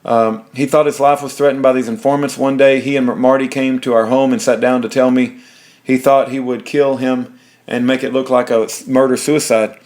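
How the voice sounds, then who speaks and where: A man's voice: medium pitch, little pitch movement, normal speed, darkish tone. A man reading legal documents aloud in a plain way, with fillers and restarts. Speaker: reader of court documents.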